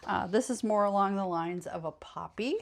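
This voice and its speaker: A woman's voice: mid-range voice, moderate pace, creaky, a little hiss or hum. A woman hosting a casual craft tutorial, chatty and meandering, often correcting herself mid-sentence and sounding a bit tired. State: tired, yawning late in the evening. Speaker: craft channel host.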